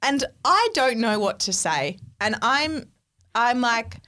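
A young woman, co-hosting a podcast and telling a story in a casual, animated, exasperated way, swearing freely. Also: on the high side, takes it slowly. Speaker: podcast co-host.

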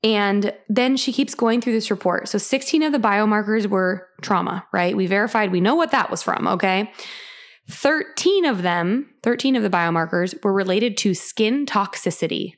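Woman, young adult, casual storytelling, chatty, lots of fillers, gravelly. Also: medium pitch, normal speed. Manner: chatty, many "like" fillers, animated retelling. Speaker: podcast host sharing her story.

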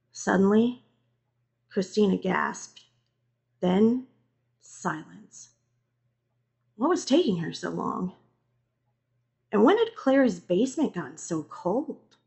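A woman reading a first-person horror story in a slow, deliberate, suspenseful manner. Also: medium pitch, breathy edge. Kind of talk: scripted horror narration.

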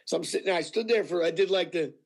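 A male actor telling anecdotes in a casual interview, animated and full of fillers, acting out what people said. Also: sits high, racing, gravelly, breathy edge. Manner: animated storyteller with many fillers, acting out quotes. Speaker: actor guest.

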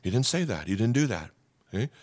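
A man's voice: on the low side, very animated, fast, darkish tone, no room sound, clean studio sound. A man preaching a sermon in an earnest way, repeating key lines and acting out quoted prayers. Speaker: pastor.

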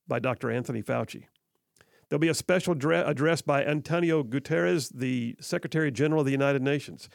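Speaking into a studio microphone in a radio studio, a male talk radio host with a slightly high, gravelly voice offers sarcastic, opinionated commentary in a dry recording. He keeps it conversational, dropping in plenty of "I mean" asides.

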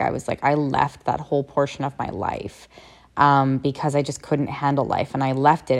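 Deep-voiced woman with a gravelly edge. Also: a little mellow. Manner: candid, rambling, swears freely. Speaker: podcast host. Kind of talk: personal reflective monologue.

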